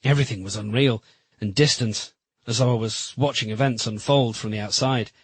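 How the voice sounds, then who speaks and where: A man reading a romance novel aloud in first person, steady and measured. His voice is slightly husky and the recording is dry and close. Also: mid-range voice, dry recording, low-quality recording. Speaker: audiobook narrator.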